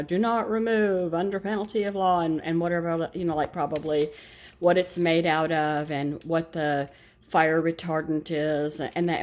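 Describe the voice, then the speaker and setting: A woman's voice: on the low side, a little mellow. An older woman and grandmother chatting casually to camera about her shopping haul, rambling with asides and self-corrections. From United States. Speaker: vlogger showing a shopping haul.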